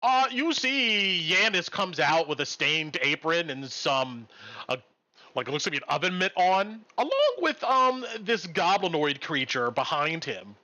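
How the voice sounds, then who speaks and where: A man's voice: on the high side, unhurried, muffled recording. A man narrating as game master in a live-streamed tabletop game, with plenty of "um"s between descriptions. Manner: animated narration with frequent "um"s.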